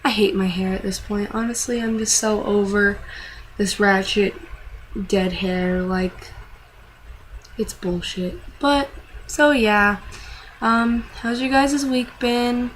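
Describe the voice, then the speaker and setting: A woman's voice: medium pitch, slow, a little hiss or hum, poor audio. A young woman vlogging casually, rambling and venting with frequent swearing and self-deprecating asides.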